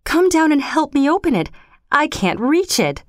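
Needed: a shrill, desperate old mother in grief, voiced by a woman narrator, for a spoken story. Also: sing-song, moderate pace, no room sound, studio quality. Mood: pleading. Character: frantic grieving old mother.

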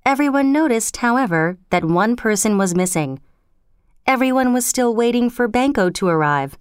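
A woman narrating a story in a clear, measured storytelling manner. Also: a little high, expressive, dry recording, studio quality. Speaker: reader. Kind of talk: scripted narration.

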